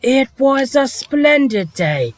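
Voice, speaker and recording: A man doing an impression of a storybook train narrator, lilting and rising into high character lines. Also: big pitch swings, takes it slowly, dry recording, full character voice. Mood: storytelling.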